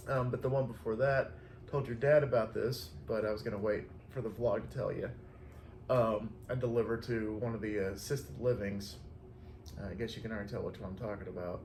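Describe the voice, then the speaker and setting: Speaking a little fast in a darkish, medium-pitched voice, this man sounds reverberant, with a little hiss or hum. He drives flower deliveries and chats through stories of his day, laughing a lot and performing the quoted voices.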